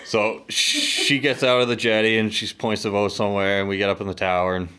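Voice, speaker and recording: A low-pitched man from the northeastern United States recounts a harpooning trip in casual podcast chat. He swears freely and turns animated when he tells the story. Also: fairly quick, clean tone. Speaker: podcast guest, harpoon fisherman. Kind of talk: casual storytelling over beers.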